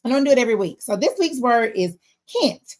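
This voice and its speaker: A woman giving a casual faith-based motivational talk, expressive and often checking in with her listeners. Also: a little high, brisk. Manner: expressive, frequent "all right?" check-ins.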